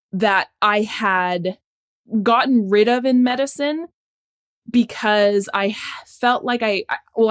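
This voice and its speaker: A middle-aged woman physician, a podcast guest, talking in a reflective, animated storytelling way with occasional laughs. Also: medium pitch. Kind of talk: casual conversation.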